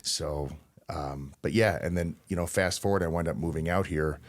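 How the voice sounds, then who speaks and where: Very deep-voiced man telling stories. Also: normal speed. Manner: relaxed anecdotal, laughs between lines. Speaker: wrestler guest. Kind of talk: casual interview storytelling.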